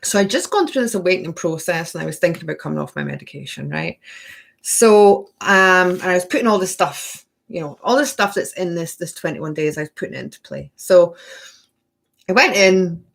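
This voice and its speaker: A woman in her thirties hosts a spiritual workshop live stream, answering viewer questions and tagging her sentences with "okay" and "right." Her voice is on the low side, animated, a little fast and gravelly, and she laughs often between sentences.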